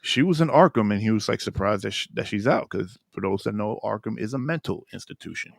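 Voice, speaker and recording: A male podcast co-host with a lowish voice, lively intonation, and some vocal fry talks fairly quickly in a studio-quality recording with no room sound. He's recapping a TV episode in casual, rambling chat packed with restarts and fillers.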